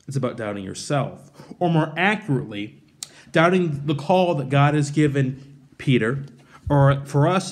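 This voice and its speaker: A man with a middle-pitched voice reads a scripture passage and then talks it through informally. His delivery is relaxed and conversational, with lively retellings of the story. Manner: conversational, retells with animated paraphrase. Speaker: pastor. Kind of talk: scripture reading and devotional sermon.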